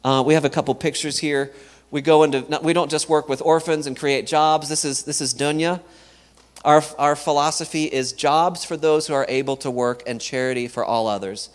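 A man's voice: on the high side, fairly even intonation, normal speed, long reverb tail. A man giving an earnest church talk about mission work, telling stories and often repeating words as he goes. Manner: earnest, repeats words, acts out quoted dialogue. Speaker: missionary speaker.

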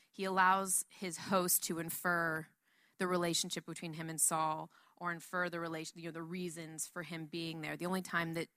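Woman doing a casual bible lesson, lowish but bright voice, chatty with lots of asides. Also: dry recording, clean studio sound. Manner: chatty and animated, with many asides. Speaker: Bible teacher.

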